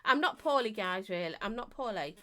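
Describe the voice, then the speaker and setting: A croaky woman chatting casually on a live stream, reviewing vapes and greeting viewers in a chatty, self-mocking way. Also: medium pitch, expressive, a little fast, sharp tone.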